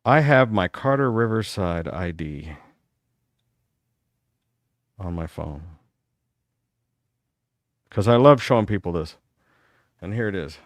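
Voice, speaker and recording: A man's voice: sits low, slow pace, pauses often, no room sound. A man in his fifties from Texas hosts a live call-in talk show, swapping old school stories with a caller. His voice swoops up and down as he tells them, and the sound is close and dry, with no room around it. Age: 50s. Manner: animated, reminiscing storyteller.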